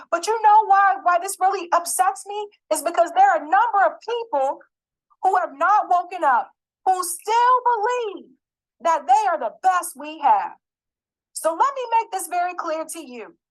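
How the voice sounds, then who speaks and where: A woman giving an angry, emphatic political commentary, swearing and repeating her points. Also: extremely high pitch.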